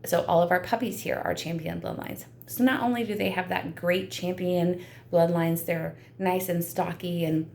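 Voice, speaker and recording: A woman's voice: fairly low pitch, fairly even intonation, moderate pace, vocal fry, a little mellow, slight background noise. A woman dog breeder talking earnestly and emotionally to the camera while seated indoors, with frequent ums. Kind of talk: heartfelt talk to camera.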